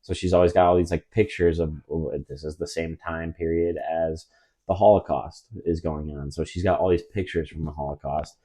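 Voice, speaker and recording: A young man with a very deep, mellow voice rambles through a story for a podcast, full of "like" and false starts. His delivery is loose and conversational, trailing off and circling back. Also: steady tone, normal speed. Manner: rambling, many fillers and restarts, drops into mock voices for quotes. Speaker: podcast co-host. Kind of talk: casual storytelling chat.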